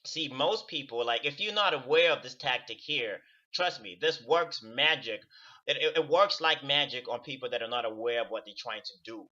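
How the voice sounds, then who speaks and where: A man speaks to camera in a casual, profane rant, repeating words to stress his points. His mid-range voice is bright and forceful at a normal speed, but the recording sounds muffled.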